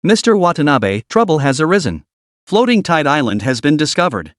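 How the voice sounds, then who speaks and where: A man voicing an irritable, haughty male clan lord with a sharp, curt way of speaking. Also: fairly high pitch, big pitch swings, brisk, no echo, clean studio sound. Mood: tense.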